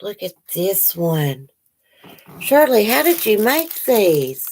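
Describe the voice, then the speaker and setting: A woman's voice: medium pitch, big pitch swings, slow, darkish tone, a little hiss or hum, poor audio. A woman chatting casually to her viewers at home, gushing and apologetic. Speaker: vlogger opening mail. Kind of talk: casual chat to camera. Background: dogs barking now and then.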